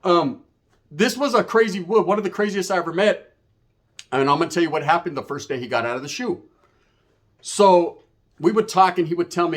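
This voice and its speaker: A man with a high, expressive voice talks fairly quickly but pauses often while casually recounting prison life. He uses profane street slang and imitates knocking sounds.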